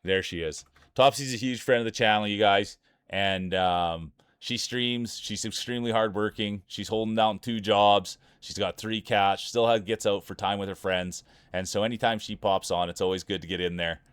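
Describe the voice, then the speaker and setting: Here a man with a Saskatchewan Canadian accent runs a live stream of marble races, hyping up his chat with energetic play-by-play. His voice is fairly low and smooth at a normal speed, captured in a dry recording.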